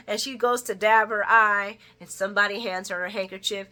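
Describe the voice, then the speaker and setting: Chatty woman host, bright voice, casual recap with frequent laughs and quoted lines. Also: brisk. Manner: chatty, laughs often, acts out characters' lines in a higher voice. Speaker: soap opera recap vlogger.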